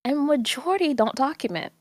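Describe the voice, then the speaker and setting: Lively woman chatting as a podcast guest. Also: high-pitched, fairly quick, no echo, clean studio sound. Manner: animated, laughs often, slips in French. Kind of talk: casual chat.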